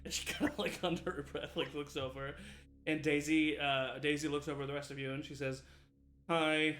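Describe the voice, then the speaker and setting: A man's voice: a little high, flat delivery, fairly quick, a bit bright. Man game master, upbeat and chatty, echoey room. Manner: rambling, laughing, many fillers. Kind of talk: narrating a tabletop game. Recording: echoey room with music behind.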